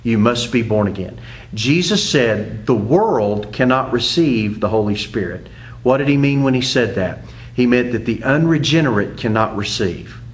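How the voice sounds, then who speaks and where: A man preaching as a pastor, an earnest teaching sermon to a video audience, with emphatic rising phrases and slow, drawn-out stresses. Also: medium pitch, lively intonation.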